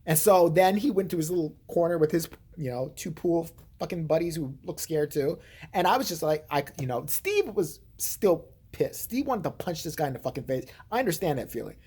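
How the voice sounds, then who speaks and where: A woman's voice: deep voice, animated, fairly quick, dark tone, husky. A woman vlogger giving blunt, heated, profane commentary and telling a story.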